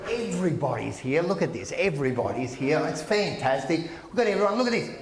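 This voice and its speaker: A man doing brash stand-up comedy at a live function, teasing the crowd with loud outbursts. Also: fairly high pitch, sing-song, a little fast. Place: function room with a live audience. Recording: echoey room with audience.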